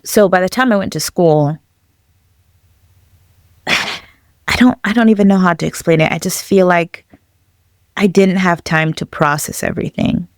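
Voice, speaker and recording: A young woman from Zambia telling a personal story as a podcast guest, reflective and halting, with many fillers. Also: lowish voice, no echo, studio quality.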